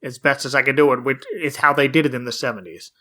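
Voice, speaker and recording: A man's voice: mid-range voice, fairly even intonation, fast talker, sharp tone. A man hosting a podcast, casually recapping an old cartoon plot scene by scene and laughing often. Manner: narrates plot, frequent laughs. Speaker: podcast host.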